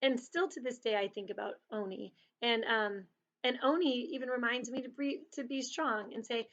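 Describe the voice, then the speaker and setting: A woman casually telling a personal story to children before reading a picture book, chatty and animated, slipping into little voices for quotes. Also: fairly high pitch, moderate pace. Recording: dull lo-fi sound.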